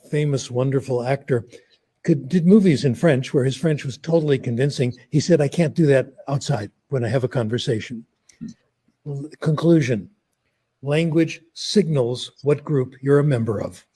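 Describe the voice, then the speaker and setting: An older man explaining an academic idea through relaxed, conversational anecdotes. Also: on the high side, slightly rough. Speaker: guest speaker.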